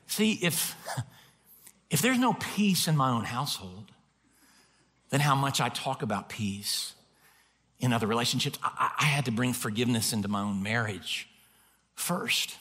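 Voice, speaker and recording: A man preaching a sermon as a pastor, telling stories in an animated way and poking fun at himself. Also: medium pitch, normal speed, long pauses. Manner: animated storytelling with self-mocking humor. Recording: long reverb of a large hall.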